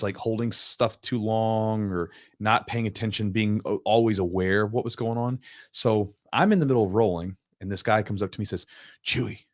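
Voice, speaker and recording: A man hosting a podcast, telling coaching stories in a casual, animated way. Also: on the low side, dry recording, studio quality. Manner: animated storyteller, quick, acts out quotes. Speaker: podcast host, jiu-jitsu coach. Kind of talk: casual storytelling chat.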